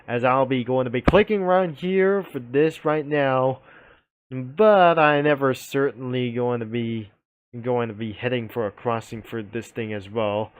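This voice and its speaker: Slow-talking young man rambling through a screen tour. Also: mid-range voice. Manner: rambling, loose phrasing with many fillers. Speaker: YouTuber. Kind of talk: casual screen-recording commentary.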